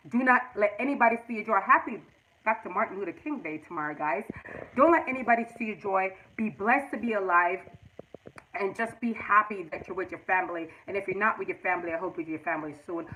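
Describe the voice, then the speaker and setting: A woman's voice: mid-range voice, a little fast, pushed and bright, slight background noise, poor audio. A middle-aged woman hosting a casual livestream, earnestly giving relationship advice straight to her viewers. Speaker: livestream host.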